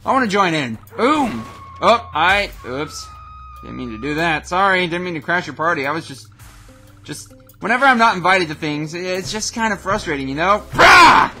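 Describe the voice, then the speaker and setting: A young man doing goofy, excitable let's play commentary as a gaming YouTuber, often breaking into shouts. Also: high voice, normal speed, faint music behind.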